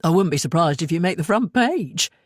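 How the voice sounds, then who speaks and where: A woman's voice: on the low side, animated, fairly quick, no room sound, studio quality. A woman voicing a male local news reporter in an audiobook, with an urgent delivery.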